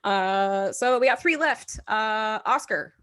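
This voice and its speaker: A woman's voice: medium pitch, slow, fairly bright tone, clear, resonant tone. A woman hosting a live online quiz show over a video call, casual and chatty, laughing often and swearing freely. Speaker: game show host.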